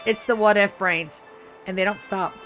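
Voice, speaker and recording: A woman's voice: mid-range voice, moderate pace, faint music behind. A woman streamer chatting casually while playing a game, telling rambling, profane stories about running tabletop games. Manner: rambling, profane, animated storytelling.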